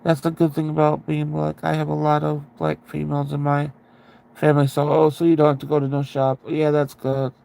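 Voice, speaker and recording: A man's voice: fairly high pitch, completely flat delivery, brisk, gravelly, mellow. A man hosting a livestream, chatting casually with his viewers in a rambling way, restarting sentences and laughing at himself, into a sensitive close microphone. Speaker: livestream host.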